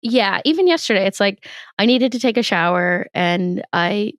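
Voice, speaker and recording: Animated woman, dry close sound. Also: medium pitch, normal speed, no room sound. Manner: animated storytelling, laughs often, acts out quotes. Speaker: podcast guest, comedian. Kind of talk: casual interview chat. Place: in her bed.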